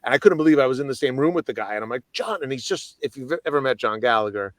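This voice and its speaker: Animated man telling a story, dry sound. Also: mid-range voice, fast talker, no echo. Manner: animated storyteller, swears casually. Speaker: guest musician. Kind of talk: casual storytelling chat.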